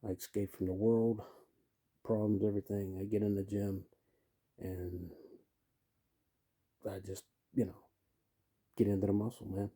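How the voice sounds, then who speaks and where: A man's voice: on the low side, level tone, measured pace, pauses often, dark tone, breathy edge. A man in his fifties giving a blunt, rambling casual rant, leaning on "you know" and "man". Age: 50s. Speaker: vlogger.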